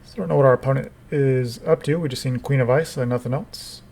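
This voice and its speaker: A man's voice: medium pitch, steady tone, quick pace, a little mellow. A man giving casual commentary over his own gameplay, dry and wry in his asides to the opponent.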